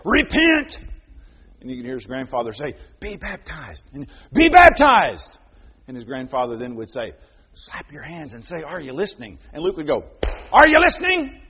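A middle-aged man preaching a sermon. He moves between loud proclaiming and quiet, personal storytelling. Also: medium pitch, husky. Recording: dull lo-fi sound.

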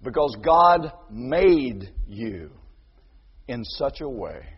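A man preaching a sermon as pastor, animated, acting out quoted voices and building to near shouts, with a husky voice. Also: mid-range voice, drawn-out words. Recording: dull sound with long hall reverb.

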